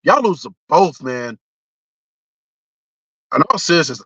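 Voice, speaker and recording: A young man vents on his live stream in a bright, forceful voice, slightly high for a man. He talks bluntly, swears freely and keeps restarting his sentences. The stream audio sounds dull and lo-fi. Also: expressive, normal speed, long pauses, no room sound. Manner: blunt and profane, with frequent restarts. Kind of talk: casual live-stream sports rant.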